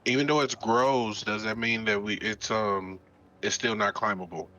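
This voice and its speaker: A man's voice: lowish voice, steady tone, moderate pace, bright, forceful tone. A man playing in an online tabletop game, talking casually and thinking aloud as he plans his moves. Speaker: player. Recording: dull lo-fi voice chat with faint music.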